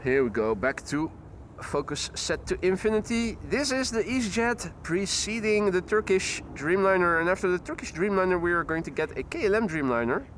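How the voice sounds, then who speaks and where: A man's voice: high-pitched, expressive, moderate pace. A man hosting a live plane-spotting stream outdoors beside the water, chatting playfully with his viewers. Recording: loud outdoor traffic noise.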